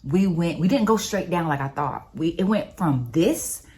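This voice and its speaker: Woman vlogger, low voice, animated storyteller, casual faith talk. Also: moderate pace. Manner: animated storyteller, expressive and conversational.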